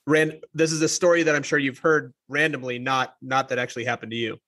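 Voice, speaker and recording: A man's voice: mid-range voice, little pitch movement, brisk, a bit bright. A man hosting a podcast, chatting casually and offering friendly, brief affirmations. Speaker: podcast host. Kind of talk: casual interview chat.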